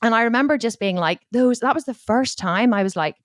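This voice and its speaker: A woman, a podcast guest telling her story in a blunt, swearing, animated way. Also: a little high, a little fast, no room sound, studio quality. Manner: blunt, expletive-heavy, animated retelling. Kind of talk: candid storytelling interview.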